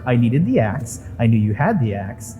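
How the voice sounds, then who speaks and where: A man's voice: mid-range voice, big pitch swings, moderate pace, dark tone, faint music behind, natural voice, poor audio. A man voicing a smug, mocking female villain. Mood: gloating. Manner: taunting, mocking, swears freely.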